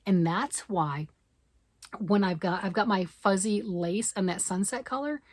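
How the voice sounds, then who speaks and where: A woman from Michigan, a yarn vlogger chatting excitedly and fast to camera, rambling off on tangents. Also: medium pitch, dry recording, clean studio sound. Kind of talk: casual chat to camera.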